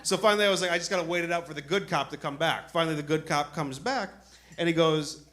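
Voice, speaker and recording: A man's voice: on the high side, quick pace, fairly bright tone. A man from Chicago in his thirties doing a casual stand-up set on a club stage, telling a story and acting out the people in it. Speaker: stand-up comedian. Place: comedy club stage with audience.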